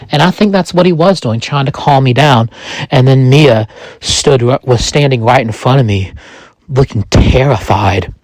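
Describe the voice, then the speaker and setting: Slow, halting man telling a story. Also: mid-range voice, darkish tone, no echo. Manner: halting, with many restarts and pauses. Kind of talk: first-person narration of a fictional story.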